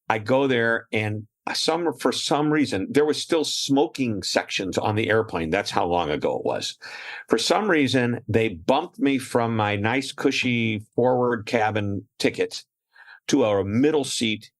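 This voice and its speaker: A middle-aged man, a guest speaker in a casual chat, telling anecdotes and laughing often. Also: mid-range voice.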